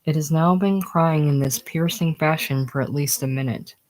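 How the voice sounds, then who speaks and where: A reader working through a screenplay's stage directions in a casual, unhurried way. The delivery stays plain and sits at a middling pitch. Now and then it sinks into a whisper. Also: darkish tone.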